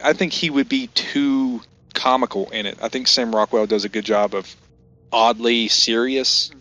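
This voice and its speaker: A man's voice: mid-range voice, fairly even intonation, normal speed, bright, forceful tone. A man co-hosting a casual beer-and-movie podcast, retelling scenes and acting out the lines. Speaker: podcast co-host.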